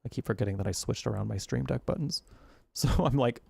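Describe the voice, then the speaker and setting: Young male streamer, loose and jokey, gravelly voice, mid pitch. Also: fast, mellow, dry recording. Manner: chatty, joking, many fillers. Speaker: livestreamer. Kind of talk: casual livestream chat.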